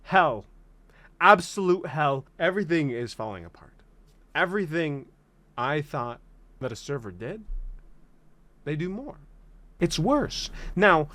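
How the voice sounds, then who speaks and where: A man's voice: fairly high pitch, very animated, unhurried, long pauses, fairly bright tone. A young man in his twenties giving a comedic vlog rant, dramatic, exaggerated and self-mocking. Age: 20s. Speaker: vlogger.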